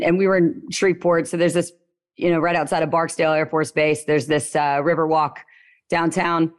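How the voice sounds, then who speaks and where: A young woman with a Southern Louisiana accent tells her story as an interview guest. Her voice sits a little low, and she talks in a loose, lively way with playful asides. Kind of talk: casual storytelling.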